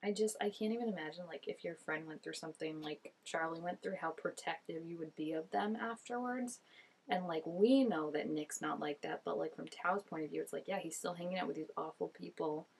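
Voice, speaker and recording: A woman's voice: sits low, a little fast, vocal fry, slightly rough. A young woman giving casual reaction commentary, chatty and gushing with lots of "like" fillers. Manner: chatty and gushing, many "like" fillers, laughs often. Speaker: reaction video host.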